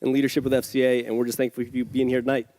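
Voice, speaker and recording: A man's voice: medium pitch, flat delivery, very fast, warm tone, a little hiss or hum. A man co-hosting a gala livestream, interviewing a student in an upbeat, encouraging way. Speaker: co-host.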